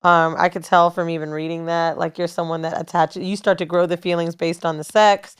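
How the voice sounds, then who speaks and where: A woman co-hosting a podcast talks in a lowish, smooth voice. She is blunt and profane and gives advice in casual studio chat. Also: flat delivery, a little fast. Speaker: podcast co-host.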